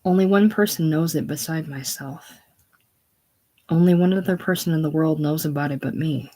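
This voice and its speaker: A reader voicing an anxious, secretive middle-aged woman in a casual play reading, halting and breaking off mid-sentence. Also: medium pitch, dark tone, lightly acted, low-quality recording. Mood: fretful.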